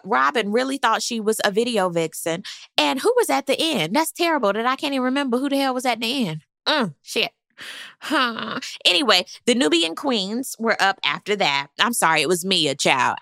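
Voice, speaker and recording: A woman's voice: mid-range voice, animated, moderate pace, gravelly, sharp tone, dry recording, studio quality. A woman hosting a casual, sassy recap of a reality show, gossiping with laughing asides.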